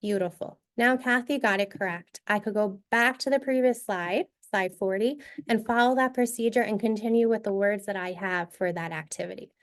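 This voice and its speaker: A woman with a mid-range voice delivers a teacher-training session at a moderate pace, pausing only rarely. She models a reading activity in clear, instructive steps.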